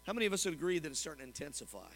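A man preaching a sermon as pastor to his congregation, animated and often asking them questions. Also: fairly high pitch, rapid-fire. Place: church sanctuary. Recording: long hall reverb.

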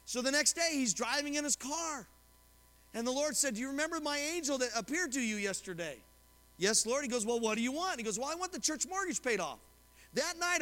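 The sermon comes from a male pastor whose sharp voice is extremely high, echoing in a large hall of a church sanctuary. Reading scripture and retelling a story, he voices the characters he quotes and poses frequent questions to the congregation.

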